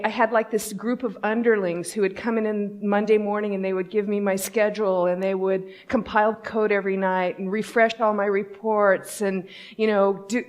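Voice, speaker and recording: A woman's voice: medium pitch, lightly acted. A woman quoting a boastful, indignant male engineer who sounds self-important and aggrieved, raising her voice a little for him.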